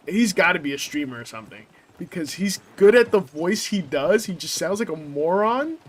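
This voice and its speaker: A young man chatting casually while streaming a game, rambling and swearing, with lots of filler words. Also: high-pitched. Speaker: gameplay streamer. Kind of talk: casual chat while playing.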